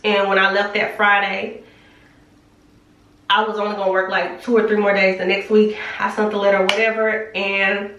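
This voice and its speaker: A woman's voice: mid-range voice, level tone, normal speed, a bit bright, recorded from a distance, lo-fi sound, a little hiss or hum. Chatty young woman in a roomy echo. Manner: candid, emotional, chatty with many "like" fillers. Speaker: vlogger. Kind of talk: casual storytelling testimony. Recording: roomy echo, speaking from off the mic.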